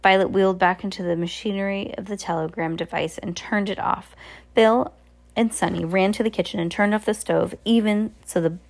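A woman's voice: mid-range voice, fairly even intonation, brisk, vocal fry. A woman reading a children's novel aloud, with frequent slips and restarts. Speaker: narrator. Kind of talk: amateur audiobook reading.

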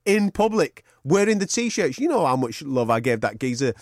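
A man's voice: mid-range voice, moderate pace, dry recording, studio quality. A man co-hosting a podcast, teasing and joking in casual banter. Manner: teasing, animated, jokey. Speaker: podcast co-host.

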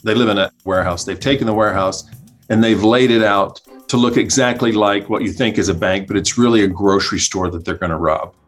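A man telling a comic anecdote as a podcast guest, animated, acting out the people he quotes and laughing as he goes. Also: lowish voice. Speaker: guest storyteller, comedy writer. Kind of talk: casual anecdote.

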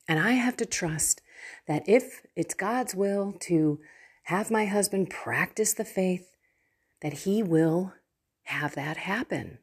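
A woman's voice: lowish voice, lively intonation, slow pace, breathy edge. A woman giving an earnest, heartfelt talk about her faith, speaking as a faith coach from home. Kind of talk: personal faith talk to camera.

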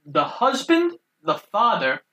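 Bright-voiced man narrating a film plot. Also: high-pitched, huge pitch swings, low-quality recording. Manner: brisk plot narration, casual swearing. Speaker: podcast co-host. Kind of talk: casual movie recap chat.

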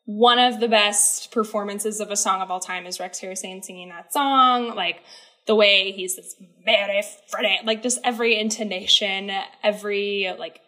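A woman's voice: mid-range voice, fairly even intonation, normal speed, pushed and bright. A woman co-hosting a podcast, chatting casually and giggling often, with plenty of "like" and "um". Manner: giggly, chatty, many "like" and "um" fillers. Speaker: podcast co-host. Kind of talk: casual chat about musicals.

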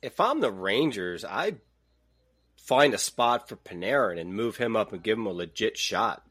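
A man's voice: fairly low pitch, expressive, normal speed, fairly bright tone, husky. A man co-hosting a podcast, giving his opinions on hockey in a casual chat. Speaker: podcast co-host.

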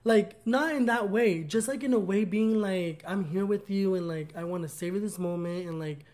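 A man's voice: sits high, normal speed, a little mellow. A young man co-hosting a podcast, telling a personal story in casual chat, earnest and gushing with lots of "like" fillers. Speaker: podcast co-host.

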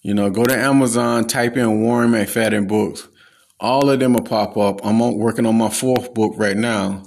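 A man's voice: lowish voice, steady tone, normal speed, gravelly, darkish tone. A man hosting his own podcast, giving a blunt, profane, lecturing solo rant. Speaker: podcast host.

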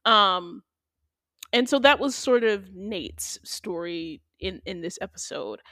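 A woman's voice: mid-range voice, slow, dry recording, studio quality. A young woman hosting a podcast, recapping a TV episode in a playful, slangy way. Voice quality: animated, playful delivery with slang. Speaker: podcast host. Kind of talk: casual TV recap chat.

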